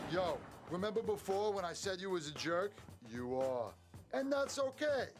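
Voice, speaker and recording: A man voicing a brash, wisecracking New York puppet character with a gruff New York accent, giving tourists bossy advice. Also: high voice. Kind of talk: comic puppet-show monologue.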